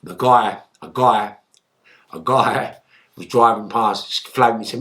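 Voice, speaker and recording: A man, a guest in an interview, telling a story in lively, swearing style and acting out the lines he quotes. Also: lowish voice, takes it slowly. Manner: animated, swearing, acts out shouted quotes.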